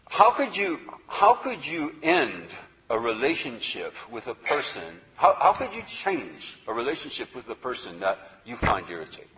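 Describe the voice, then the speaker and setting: A man's voice: medium pitch, a bit bright, muffled recording, slight background noise. A man teaching a yoga philosophy class, conversational and repetitive, often checking in with "okay?". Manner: conversational, repeats words, asks "okay?" often. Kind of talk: spoken lecture to a class.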